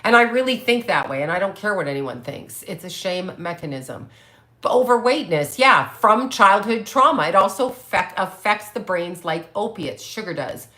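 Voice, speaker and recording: A woman in her late fifties hosts a psychic medium livestream, chatting casually at a moderate pace in a medium-pitched, pushed, bright voice with lively intonation. She reads viewer comments and answers them bluntly, swearing plenty and talking back to commenters.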